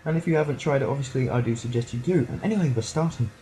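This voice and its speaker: This gameplay commentator, a teenage boy, races along in a warm, medium-pitched voice. He jokes, rambles, and puts on goofy character voices, while the poor-quality audio sometimes sounds a bit distant.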